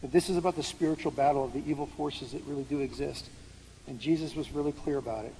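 A male pastor preaching in a big hall, his voice carrying a long reverb tail with a faint hiss behind it. He talks conversationally, asks the congregation questions and answers them, and his pitch sits a little above average for a man. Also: fast talker, dark tone. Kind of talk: sermon. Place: large hall with an audience.

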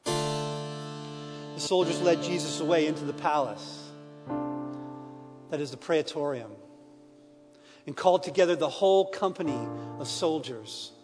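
A man giving a dramatic scripture reading, his delivery swinging from hushed to loud. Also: on the high side, unhurried, pauses often. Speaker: scripture reader. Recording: long reverb with soft piano.

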